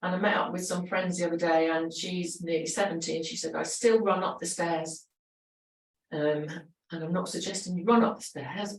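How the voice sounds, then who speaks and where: A woman's voice: fairly low pitch, recorded from a distance. Chatty woman leading an exercise class. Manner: encouraging, chatty, laughs often. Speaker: fitness instructor. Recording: roomy echo, voice from away from the mic.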